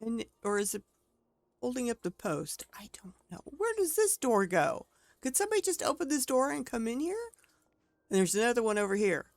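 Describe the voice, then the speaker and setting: Gravelly-voiced woman chatting through a game. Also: on the high side, sing-song, normal speed, no echo. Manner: chatty, thinks aloud, gasps and exclaims at what she finds. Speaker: game streamer. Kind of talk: casual gameplay commentary.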